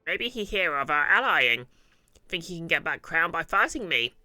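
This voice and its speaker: A man voicing an anxious male goblin chief in a video game, speaking in loud, halting broken grammar. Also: a little high, big pitch swings, no echo, heavily acted. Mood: uneasy.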